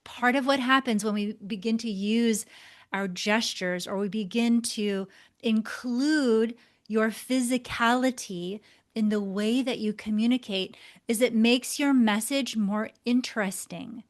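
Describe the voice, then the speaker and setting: A woman teaching a lesson to camera, expressive, shifting her tone and pace for emphasis as she gestures. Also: a little high. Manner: gestures deliberately while talking. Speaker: body language instructor.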